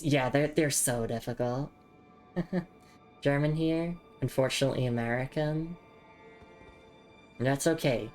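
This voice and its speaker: A woman's voice: extremely low pitch, measured pace, pauses often, a little mellow, soft background music. A young Australian woman with an Australian accent, chatting casually while streaming a game, often stammering and repeating words. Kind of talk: casual live game commentary.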